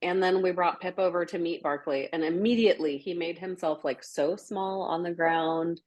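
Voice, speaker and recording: Low-voiced chatty woman. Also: normal speed, darkish tone. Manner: chatty, laughs often, many fillers. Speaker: podcast host. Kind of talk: casual chat.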